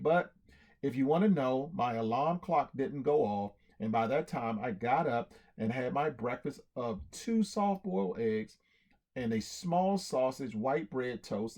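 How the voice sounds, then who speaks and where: A man reading a storybook aloud in an animated way, acting out cheers and sound effects. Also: mid-range voice.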